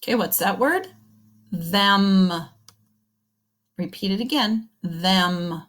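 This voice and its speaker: A woman teaching young children to read, slowly sounding out words and praising them. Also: mid-range voice, animated, a bit bright. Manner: slow, encouraging, sounding words out. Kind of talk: early reading lesson for young children.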